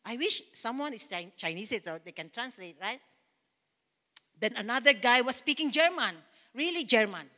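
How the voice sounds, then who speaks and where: A woman's voice: a little high, animated, moderate pace, sharp tone, big-room sound. A woman pastor preaching a fervent sermon in a church, repeating phrases and breaking into praise. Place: church sanctuary.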